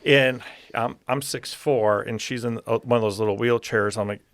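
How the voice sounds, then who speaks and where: A man, an optometrist, telling clinic stories on a podcast with animated, excitable energy. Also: medium pitch, normal speed, no room sound. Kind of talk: podcast storytelling. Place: podcast recording room.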